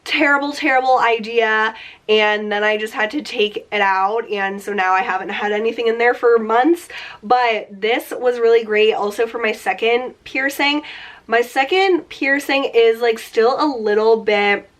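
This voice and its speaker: A woman's voice: fairly high pitch, measured pace. A woman in her late twenties chatting casually about her beauty favorites, her voice nasal and congested from a cold, with lots of "like" fillers. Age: 20s. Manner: chatty, upbeat, many fillers like "like". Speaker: beauty vlogger.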